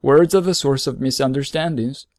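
A man's voice: medium pitch, darkish tone, dry recording, studio quality, lightly acted. A man voicing a wise lonely fox. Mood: earnest. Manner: earnest, measured, explaining slowly. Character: gentle lonely male fox, wise and patient. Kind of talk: storybook reading.

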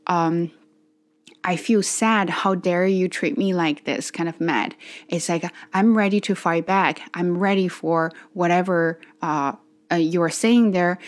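Youngish woman vlogging, kinda low voice, rambly honest storytime w lots of ums. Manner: candid, wordy, many restarts and fillers. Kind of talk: personal story-time vlog.

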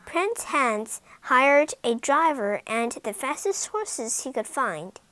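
A woman narrating a fairy tale in an expressive, dramatic storytelling manner. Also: high-pitched, slow, no echo, poor audio.

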